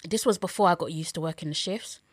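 A woman's voice: low voice, fast, no room sound, studio quality. A tired young woman, co-hosting a casual podcast and laughing often. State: tired, drowsy. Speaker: podcast co-host. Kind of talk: casual chat.

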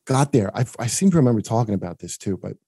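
This American man chats casually on a podcast in a warm, husky, lowish voice that swings widely in pitch. He talks fast, swears often, jokes around, and rambles with frequent restarts. The recording has no echo.

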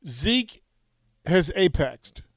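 A man's voice: on the high side, big pitch swings, no room sound. A man co-hosting a casual sports chat, joking and acting out little scenes. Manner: joking, quick laughs, acts out little scenes.

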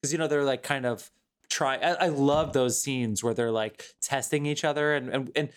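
A man co-hosting a casual movie podcast, animated and profane, acting out lines as he talks. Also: mid-range voice, normal speed. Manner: animated, swears freely, acts out quotes. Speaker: podcast co-host. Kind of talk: casual movie review chat.

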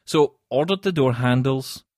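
A man with a Scottish accent, chatting on a podcast in a self-mocking, animated way. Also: medium pitch, a little slow, dry recording, studio quality. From Scotland. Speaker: podcast co-host. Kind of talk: casual chat.

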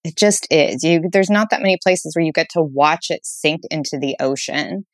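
A woman's voice: sits low, moderate pace, no room sound. A woman guest author on a casual interview show, talking enthusiastically with playful asides and frequent laughter. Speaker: guest author recommending date spots.

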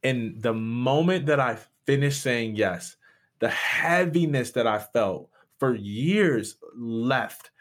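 A pastor in his younger adult years speaks candidly and earnestly as a guest on an interview podcast. He retells events with animated energy, repeating words and restarting phrases as he goes. He is a man from Michigan with a middle-pitched voice. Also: takes it slowly. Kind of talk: candid storytelling and conversation.

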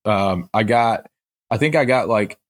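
A man's voice: lowish voice, measured pace, dry recording. A man co-hosting a podcast, chatting casually and laughing often at his own expense. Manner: self-deprecating, laughs often. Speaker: podcast co-host. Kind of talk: casual chat.

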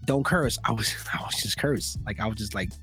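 A man hosting a casual talk podcast, telling stories and acting out loud quotes as he goes. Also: on the low side, fairly quick, slightly rough, faint music behind. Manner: animated storytelling with loud acted-out quotes. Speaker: podcast host. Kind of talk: casual conversation.

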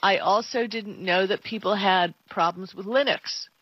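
A woman co-hosting a tech talk show in casual chat, emphatic and quick to laugh. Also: mid-range voice, husky, no room sound. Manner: chatty, laughs often, emphatic. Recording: dull lo-fi dry sound.

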